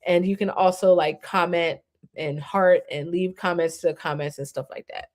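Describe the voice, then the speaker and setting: Casual, upbeat female host for a live stream demo, slangy delivery, lower-pitched voice. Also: fairly even intonation, normal speed. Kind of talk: live-stream platform walkthrough.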